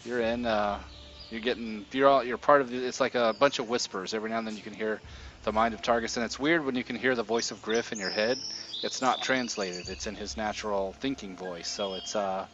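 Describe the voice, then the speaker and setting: A man narrating as game master in a tabletop game, relaxed, with lots of fillers and chuckles. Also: on the low side, a little fast. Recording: dull lo-fi stream audio, faint hiss.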